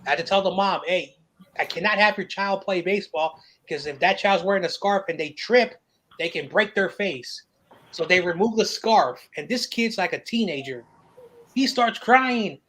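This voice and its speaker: A man hosting a casual chat, telling stories in an animated, profane way and laughing often. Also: sits high, normal speed, poor audio. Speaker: podcast host.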